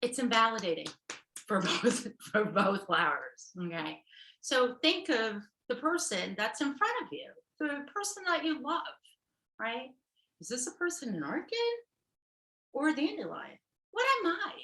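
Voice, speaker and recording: A woman's voice: fairly high pitch, big pitch swings, unhurried, pushed and bright, echoey room, poor audio. A middle-aged woman therapist giving a casual workshop talk. She chats along, laughs often and keeps checking in with "right?" and "okay".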